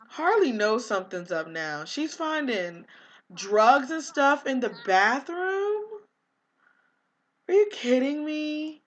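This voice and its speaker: A woman's voice: sits high, big pitch swings, takes it slowly. A young woman casually commenting on her life-sim game, chatty and easily exasperated, with lots of fillers. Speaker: gaming vlogger.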